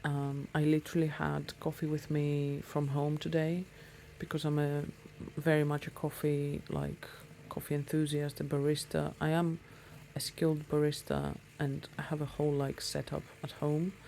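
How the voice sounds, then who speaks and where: A woman with a deep, gravelly, warm voice talks to her viewers at normal speed with a flat delivery and few pauses, over slight background noise. A motorcycle vlogger, she chats casually to camera while out riding, rambling with many ums.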